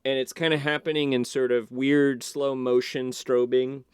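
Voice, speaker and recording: A man as a podcast guest, casually retelling a film in an animated, loose way with many restarts. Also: mid-range voice, normal speed, clear, resonant tone, dry recording, studio quality.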